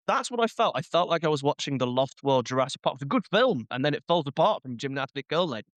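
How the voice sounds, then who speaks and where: A man's voice: fairly high pitch, lively intonation, quick pace, hardly any pauses, no echo. A man hosting a casual wrestling chat, ranting and joking as he acts out short quoted voices. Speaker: podcast host.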